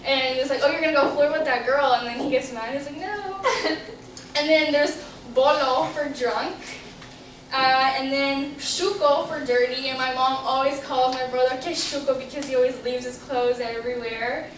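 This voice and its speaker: A woman's voice: sits high, fairly even intonation, moderate pace, a little hiss or hum. A young woman giving an informative class speech, chatty and explaining with examples. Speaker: student giving a class presentation. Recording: roomy classroom audio from a distant camera.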